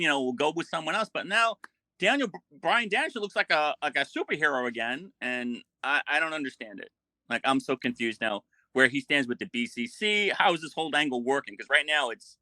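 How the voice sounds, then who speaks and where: Male guest, bright forceful voice, dry close sound, puzzled and questioning. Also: a little high, expressive, normal speed, no room sound. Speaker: podcast guest. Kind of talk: casual chat.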